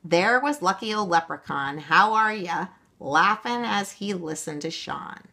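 Woman storyteller, expressive, slow, bright voice, children's story. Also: fairly low pitch, creaky. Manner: expressive, gentle. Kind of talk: read-aloud children's story.

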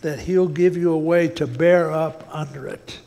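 High-voiced gravelly preacher in a reverberant hall. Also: male voice, fairly even intonation, unhurried, mellow. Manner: folksy, repeats words, says "man" often. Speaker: pastor. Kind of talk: sermon. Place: church sanctuary.

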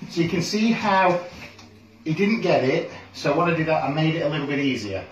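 A man working as a dog trainer, calmly explaining a training session with frequent ums. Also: a little high, moderate pace, far from the mic, lo-fi sound. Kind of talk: instructional training video. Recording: roomy sound, speaker off from the mic.

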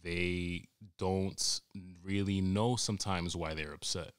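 A podcast host with a New York accent rants from home during quarantine, delivering a rambling, crude, exasperated comic monologue. His deep, resonant voice is clear, fairly even in intonation, and slow-paced. The studio-quality recording has no echo.

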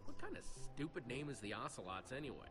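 An actress voicing an eager young game hero who swings from flat remarks to excitement. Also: female voice, rumbling low, fast, soft background music, exaggerated voice. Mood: excited.

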